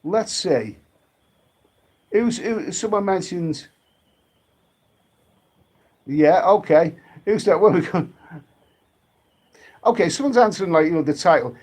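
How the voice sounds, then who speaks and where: A man from the UK, hosting a casual live stream, rambling and halting with many restarts while reading out viewer comments and drinking. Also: sits high, animated, darkish tone. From United Kingdom.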